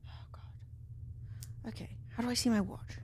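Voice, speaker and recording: A woman streaming a video game live, talking excitedly to herself and her chat, often swearing. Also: on the high side, unhurried, in a whisper. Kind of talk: live gaming commentary.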